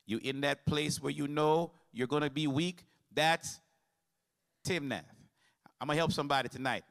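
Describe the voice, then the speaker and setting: A man's voice: a little high, moderate pace, creaky, fairly bright tone. A man preaching a sermon as pastor, mixing humor with call-and-response to the congregation.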